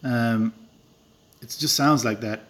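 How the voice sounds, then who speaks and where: A man's voice: medium pitch, takes it slowly. A man with a rural Irish accent, chatting casually on a live stream while playing a game, rambling with fillers and chuckling at himself. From Ireland. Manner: rambling and self-deprecating, with filler words and chuckles.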